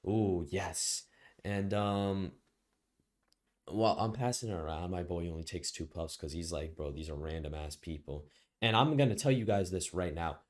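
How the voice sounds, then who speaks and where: Young male vlogger, low voice, slangy profane storyteller with loud outbursts. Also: normal speed. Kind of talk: casual storytime monologue.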